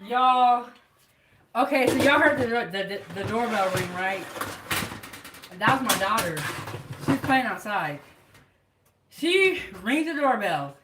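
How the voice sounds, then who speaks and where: A woman's voice: on the high side, expressive, takes it slowly, pauses often, background noise. A woman hosting a live home cooking show, chatting casually to her viewers from her kitchen. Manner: chatty, talks straight to viewers.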